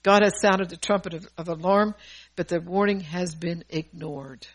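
A woman's voice: lowish voice, normal speed, husky, poor audio. A middle-aged woman preaching a sermon in a fervent, conversational way, laughing between points.

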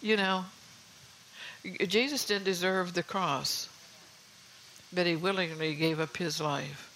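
A woman's voice: lowish voice, fairly even intonation, takes it slowly, a bit bright, slight background noise, low-quality recording. An older woman giving an informal sermon in a homey, confiding way, often saying "you know". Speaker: preacher.

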